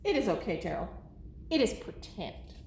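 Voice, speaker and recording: A woman's voice: mid-range voice, big pitch swings, normal speed, darkish tone. A woman voicing a cheerful, confident young pig in a storybook read-aloud, patient and matter-of-fact. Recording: echoey room.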